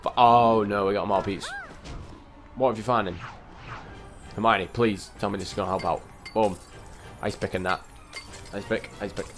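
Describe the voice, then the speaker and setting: Young male let's-player, lowish voice, chatty and excitable, faint music underneath. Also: normal speed, long pauses. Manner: excitable, rambling, talks to the game characters. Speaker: gameplay commentator. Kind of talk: casual let's-play commentary.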